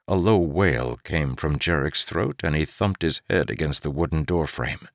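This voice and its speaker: A man narrating an audiobook in an expressive way, his pitch rising and falling with the drama. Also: unhurried, hardly any pauses, dry recording, studio quality.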